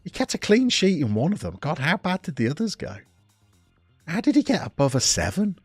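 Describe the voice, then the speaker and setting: A man's voice: medium pitch, vocal fry, no echo, studio quality. A man streaming a football management game, chatting casually and reading out chat messages as he goes. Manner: chatty, reads chat aloud, self-interrupting.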